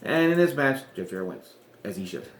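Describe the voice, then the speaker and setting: A man's voice: lowish voice, very animated, a little fast. A man chatting casually about rebooking wrestling storylines, rambling and correcting himself with chuckling asides. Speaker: wrestling podcaster. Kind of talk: casual fantasy-booking chat. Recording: roomy echo.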